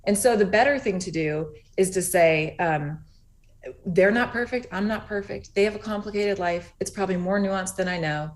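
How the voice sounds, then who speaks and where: A woman's voice: medium pitch, normal speed. A woman in her forties talking earnestly as a guest in an interview from home over a video call, telling stories and acting out what people said. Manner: earnest, storytelling, acts out quoted dialogue. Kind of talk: animated conversational interview.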